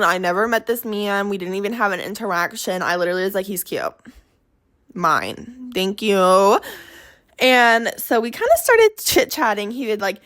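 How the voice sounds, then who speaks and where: A woman's voice: medium pitch, a bit bright. A young woman hosting her own podcast, telling a personal story in a chatty, dramatic way and slipping into quoted voices. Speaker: podcast host. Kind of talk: casual storytelling monologue.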